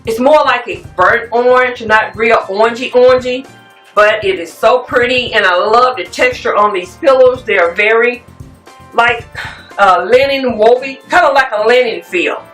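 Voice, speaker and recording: A woman's voice: a little high, moderate pace. A woman, chatting casually and rambling a little as she shows home decor finds to her viewers. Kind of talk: casual show-and-tell chat. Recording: echoey room, mic at a distance, soft music.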